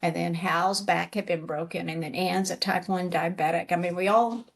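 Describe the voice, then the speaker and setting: A middle-aged woman tells her story as an interview guest, acting out each voice in the exchange. Her voice sits a little low and sounds husky. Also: normal speed. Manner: animated storyteller acting out quoted dialogue. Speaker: interview guest, retired Army command sergeant major.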